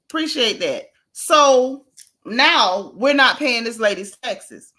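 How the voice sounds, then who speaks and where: Woman, gossip-stream host, bright and punchy voice, chatty and emphatic, reads chat comments aloud. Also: a little high, expressive, slow. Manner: emphatic, repeats phrases. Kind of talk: casual livestream commentary.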